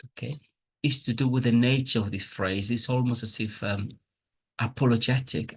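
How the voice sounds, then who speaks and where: A man's voice: medium pitch, steady tone, moderate pace, breathy edge. A man teaching a pronunciation lesson from slides, patiently explaining with spoken examples and plainly enthusiastic about teaching. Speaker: English teacher.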